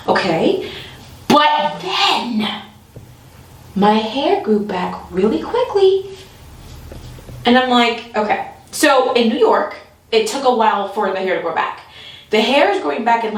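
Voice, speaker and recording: Woman, comic storyteller, animated, fairly high voice, very echoey room, set back from the mic. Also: recorded from a distance. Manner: animated, laughs often, acts out voices. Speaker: comedian. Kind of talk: storytelling comedy.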